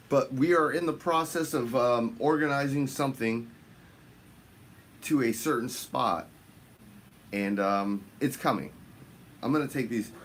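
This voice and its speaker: A man hosting a fishing channel livestream, greeting viewers by name in casual chat, his voice jumping up high on the shout-outs. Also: measured pace, pauses often, slight background noise.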